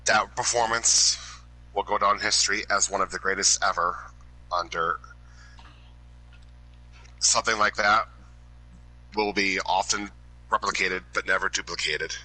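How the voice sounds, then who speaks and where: A man giving an emotional hall of fame induction speech, halting and restarting as he loses his train of thought. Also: sits low, steady tone. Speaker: inductee presenter. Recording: loud background noise.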